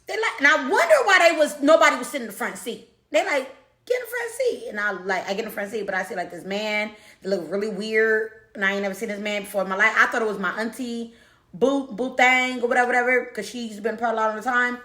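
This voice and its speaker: Animated woman telling a story, echoey room. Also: a little high, fast talker. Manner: animated, repeats herself, talks to the audience. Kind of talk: casual storytelling to camera.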